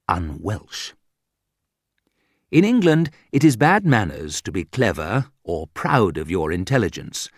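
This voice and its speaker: A man reading an audiobook aloud in a slow, deliberate way for English learners. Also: on the low side, darkish tone, dry recording, clean studio sound. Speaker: audiobook narrator. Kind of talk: scripted audiobook narration.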